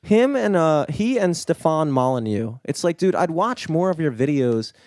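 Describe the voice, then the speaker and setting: A man's voice: on the high side, lively intonation, normal speed, a little mellow, slight background noise. A man co-hosting a podcast in casual chat, rambling and swearing, with lots of filler words. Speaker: podcast co-host. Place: studio.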